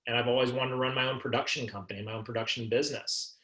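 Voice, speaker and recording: A man's voice: mid-range voice, fairly even intonation, racing, a bit bright, voice pushed down, close to an everyday voice. A man voicing a friendly young male restaurant server who talks in an upbeat, casual way, saying "man" and "like". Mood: easygoing. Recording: echoey room.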